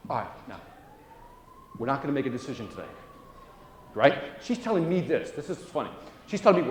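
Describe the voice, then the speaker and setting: Animated middle-aged man telling a sales story. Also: mid-range voice, fast talker, long pauses, slight background noise. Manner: animated, acts out dialogue, frequent "right?". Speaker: sales trainer and motivational speaker. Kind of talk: storytelling keynote talk. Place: large event room. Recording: echoey room.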